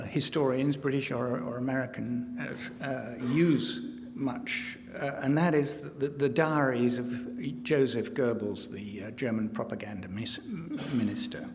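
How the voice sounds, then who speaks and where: A male historian gives a conference lecture at a slow, unhurried pace, pausing often and filling gaps with hesitant sounds. His mid-pitched voice rings with a long hall reverb. Faint room noise sits under it. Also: creaky. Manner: hesitant, many filler sounds and restarts.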